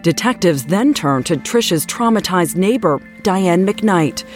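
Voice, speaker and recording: A woman giving measured, dramatic scripted narration for a true-crime program. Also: on the low side, animated. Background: music.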